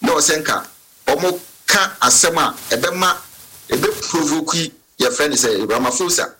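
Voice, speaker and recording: A man's voice: on the high side, lively intonation, a little slow, bright, forceful tone, husky, rough recording. A man with a Ghanaian accent, a political marketer speaking earnestly on a radio talk panel and switching between English and Twi.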